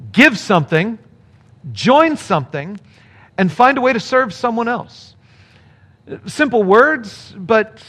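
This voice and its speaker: A male pastor preaching a sermon to his congregation, earnest and animated, speeding up in bursts and slowing down for emphasis. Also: sits high. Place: speaking to a remote congregation.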